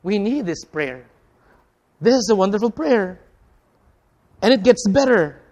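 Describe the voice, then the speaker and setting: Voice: medium pitch, animated, a little slow, darkish tone, long reverb tail, highs cut off. Emphatic preacher with dramatic volume swings. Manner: addresses the listeners as friends. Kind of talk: sermon.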